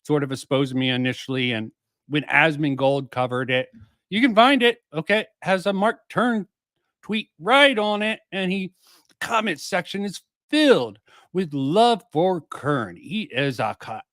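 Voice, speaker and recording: A man's voice: fairly high pitch, unhurried, fairly bright tone, dry recording. A man streaming casual commentary, rambling and swearing, with many fillers and restarts.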